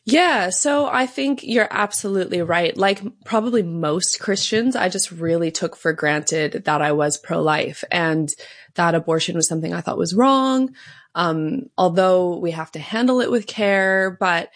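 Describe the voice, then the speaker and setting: A woman's voice: fairly low pitch, a little slow, no room sound, clean studio sound. A woman from Canada, telling her story in an earnest, fluent way as an interview guest. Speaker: guest, pro-life advocate. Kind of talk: interview conversation.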